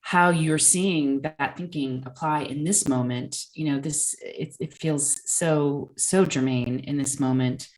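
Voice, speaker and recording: A woman's voice: low-pitched, steady tone, a little slow, hardly any pauses, a little mellow, rough recording. A woman interviewer who asks long, appreciative questions in a conversational way.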